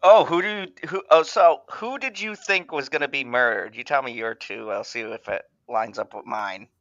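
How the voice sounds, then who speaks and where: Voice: medium pitch, moderate pace, a bit bright, dry recording, highs cut off. A co-host of an online review show chatting casually over a video call, laughing often and restarting sentences. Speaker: podcast co-host.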